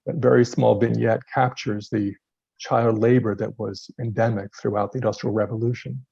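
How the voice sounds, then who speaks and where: A man delivers a measured sermon-style lecture, his voice gravelly and a little husky. The tone is dark and mellow, and the recording is dry and slightly dull. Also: lowish voice, steady tone, no echo. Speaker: guest speaker.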